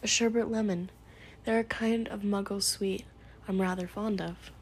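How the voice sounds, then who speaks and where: A woman reading in a soft whisper, voicing a kindly old male wizard who speaks gently and with mild teasing, in whispered role-play. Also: medium pitch, steady tone, moderate pace, slight background noise, close to an everyday voice. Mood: gentle.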